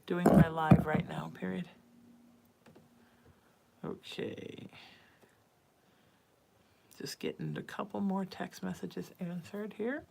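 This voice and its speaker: A woman's voice: fairly low pitch, slow, gravelly, pauses often, heavy background noise. A woman hosting a psychic livestream, chatting casually and reading viewer texts aloud. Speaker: psychic medium livestream host.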